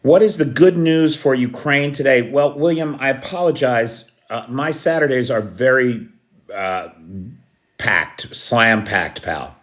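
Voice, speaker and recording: A man's voice: mid-range voice, measured pace, fairly bright tone. A man hosting a casual live stream, greeting viewers by name and chuckling at his own jokes. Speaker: livestream host. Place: Kyiv.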